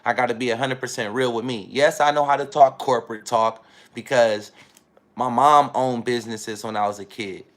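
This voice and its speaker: A man's voice: mid-range voice, steady tone, moderate pace, fairly bright tone. Man rambling in an emphatic vlog monologue. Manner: rambling, emphatic, repeats phrases. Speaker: vlogger. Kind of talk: casual self-filmed monologue.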